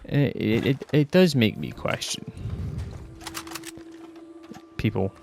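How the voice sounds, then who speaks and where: A man's voice: mid-range voice, huge pitch swings, takes it slowly, creaky, a little mellow, slight background noise. A Scottish man ranting bluntly and rambling on a casual podcast, swearing heavily and sounding fed up. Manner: exasperated, fed-up. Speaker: podcast host.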